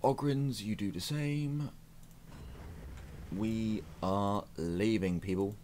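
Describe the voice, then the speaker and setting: A man's voice: lowish voice, slow pace, a little mellow, slight background noise. A man giving casual, self-mocking commentary as he plays a strategy game on his channel. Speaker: gaming YouTuber.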